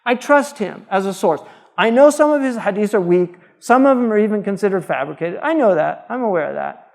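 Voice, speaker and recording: A man's voice: sits high, animated, fairly quick, creaky, long reverb tail. A man, a scholar, giving an informal lecture in a conversational, digressive way with frequent fillers. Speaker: Islamic scholar teaching.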